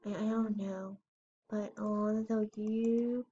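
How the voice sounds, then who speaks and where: Slow, rambling girl's game commentary. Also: medium pitch, level tone, warm tone, breathy edge, muffled recording. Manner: rambling and unsure, with frequent "I don't know" and squealing over cute items. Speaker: gamer showing her game house. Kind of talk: casual gameplay commentary.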